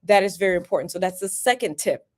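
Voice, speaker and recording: A woman coaching viewers on workplace communication in a live stream. She talks emphatically and chattily, hammering key points home by repeating them. Her voice sits at an ordinary mid pitch. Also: animated, fast talker, darkish tone. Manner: emphatic, repetitive, chatty asides. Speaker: workplace lawyer and career coach. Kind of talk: live-streamed career advice.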